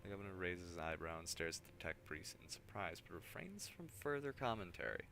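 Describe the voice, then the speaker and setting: A man's voice: low-pitched, animated, brisk, bright, forceful tone, slight background noise. A man streaming a game, reading its narration aloud with casual, drowsy asides.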